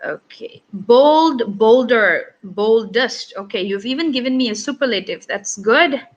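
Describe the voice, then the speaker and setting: A woman's voice: on the high side, animated, unhurried, highs cut off. A woman with a Malaysian English accent teaching an online English lesson for children, upbeat and encouraging as she reads out comments.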